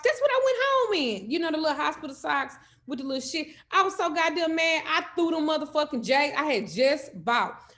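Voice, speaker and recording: A woman telling a comedic story in animated, loud, profane style. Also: high voice. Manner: animated, loud, cursing freely. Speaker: host.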